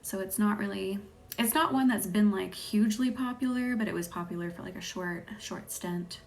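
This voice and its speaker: A woman from the American South with a light Southern accent, hosting a live Reiki stream. She chats with viewers and thanks them by name, and often drops into a soft whisper. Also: mid-range voice, normal speed, vocal fry. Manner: chatty, laughs easily, thanks viewers by name. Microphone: phone or webcam on a live stream.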